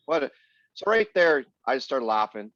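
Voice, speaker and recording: A man's voice: mid-range voice, big pitch swings, moderate pace, fairly bright tone, no echo. A man co-hosting a casual hockey podcast, blunt and sarcastic in his opinions. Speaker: podcast co-host. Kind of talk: casual sports chat. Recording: dull lo-fi, dry sound.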